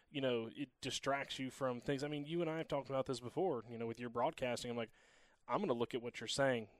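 Fast-talking teasing man, dry sound. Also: mid-range voice, no echo. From Cuban heritage. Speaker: athletics staff co-host. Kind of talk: casual interview chat.

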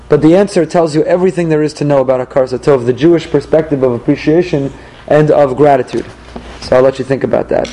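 A man's voice: high voice, warm tone, rough recording. A man, a rabbi, giving a Torah class to a live group, posing one rhetorical question after another with dry humor. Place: class room in South Florida.

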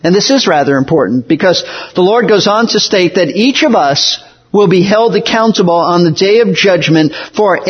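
A man preaching a sermon in an earnest, measured way, slowing down to stress key words. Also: sits high, dull audio. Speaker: pastor.

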